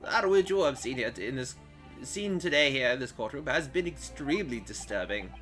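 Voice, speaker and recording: A man's voice: mid-range voice, animated, normal speed, a bit bright, faint music behind, close to an everyday voice. A man voicing a pompous, stern older British judge in a game playthrough, with formal, grandiloquent courtroom speech. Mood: solemn. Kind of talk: video game voice-over playthrough.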